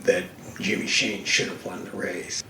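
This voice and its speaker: A man's voice: low-pitched, unhurried. An older man, a guest and racing TV commentator, telling stories emphatically in a casual fireside conversation, recorded from a distance in an echoey room. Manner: animated, emphatic storytelling. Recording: echoey room, distant mic, faint hiss.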